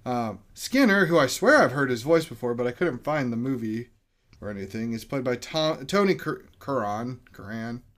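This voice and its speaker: A man hosting a casual podcast, rambling a little and tripping over names. His voice sits at an ordinary middle pitch, and his talk is loose and relaxed. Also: normal speed. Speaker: podcast host. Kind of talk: casual chat.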